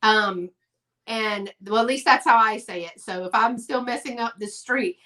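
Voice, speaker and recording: A woman's voice: on the high side, a little slow, bright, forceful tone. A woman hosting a casual live-stream sale, chatty and gushing over her items.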